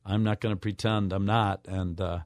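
A man's voice: deep voice, steady tone, normal speed, darkish tone, dry recording. An older man shares a moving personal story as a radio guest. He is earnest and slips into the voices of the people he quotes. The sound is dry and close, with no room around it. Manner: earnest, acts out quoted voices with wide swings.

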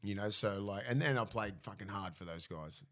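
A man's voice: fairly low pitch, brisk. An Australian man in his thirties, a former rugby league player, telling stories in casual podcast chat and swearing freely. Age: 30s. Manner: swears freely, animated storytelling with mimicked voices.

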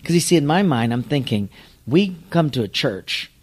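A man who is a pastor, telling an anecdote in an animated storytelling manner. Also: a little high, normal speed. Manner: animated, lively storyteller acting out voices.

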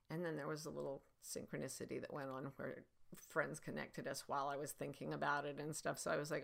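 A woman's voice: low voice, fast, vocal fry, fairly bright tone. A middle-aged woman hosting a podcast, telling stories and giving advice in a chatty, storytelling way with many fillers. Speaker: podcast host. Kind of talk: casual spoken coaching talk.

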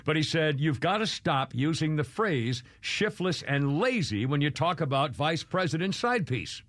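A man's voice: a little high, very animated, moderate pace, a bit bright, dry recording. A man in his sixties hosting a talk radio show, blunt and jokey with frequent chuckles. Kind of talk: casual talk radio banter.

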